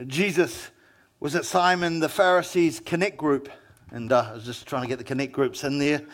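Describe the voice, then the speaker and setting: A man's voice: sits high, a bit bright. A male pastor with a New Zealand accent, preaching a sermon in a conversational storytelling manner and acting out quoted lines.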